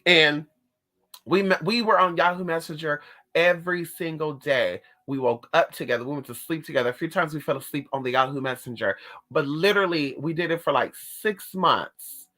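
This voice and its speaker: A woman's voice: low-pitched, moderate pace, fairly bright tone. A woman telling a personal story in a sassy, dramatic way, calling her listeners honey and girl. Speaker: spiritualist vlogger. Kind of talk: casual storytelling to camera.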